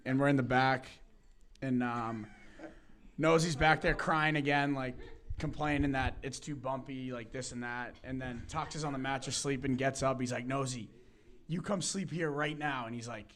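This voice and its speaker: A man's voice: mid-range voice, steady tone, normal speed, fairly bright tone. Laid-back man telling rambling stories. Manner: laid-back, rambling anecdotes with frequent laughs and fillers. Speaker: hockey player guest. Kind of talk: casual storytelling.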